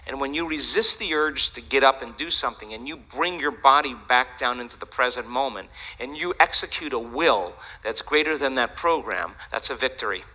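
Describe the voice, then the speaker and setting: A man giving a lively, joking talk to an audience, chatty and animated. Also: medium pitch, normal speed, few pauses, rough recording. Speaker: speaker.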